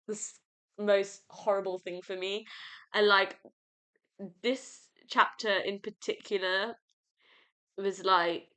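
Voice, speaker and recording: Bright-voiced British woman, rambling podcast host. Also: mid-range voice, clean tone. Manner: rambling and gushing, many fillers like "like". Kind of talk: casual solo book review.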